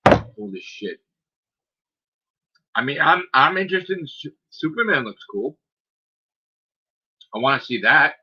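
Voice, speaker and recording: This podcast host's voice runs a little high and sing-song, husky, bright and forceful, delivered a little slowly with long pauses. He's ranting in an exasperated, profane way, piling up rhetorical questions and "like"s. The streaming-mic recording sounds slightly dull and lo-fi.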